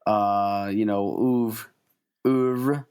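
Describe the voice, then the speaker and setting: A man's voice: lowish voice, steady tone, a little mellow, smooth. Wry man trading quips on a podcast. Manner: wry, quick joking asides. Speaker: podcast co-host. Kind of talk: casual comedic chat.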